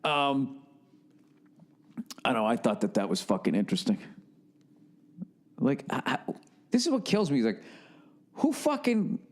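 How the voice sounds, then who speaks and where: A man's voice: medium pitch, wildly swooping pitch, a little slow, pauses often. A man hosting a podcast alone, telling a rambling comic monologue full of sarcasm, swearing and tangents. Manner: profane, sarcastic, tangent-prone. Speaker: podcast host.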